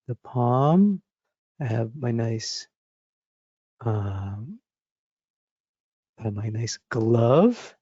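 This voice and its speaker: A man teaching drawing, talking through his sketch step by step as he works, thinking aloud in a relaxed, encouraging way. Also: mid-range voice, vocal fry, no room sound, lo-fi sound. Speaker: drawing instructor. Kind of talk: live drawing demonstration.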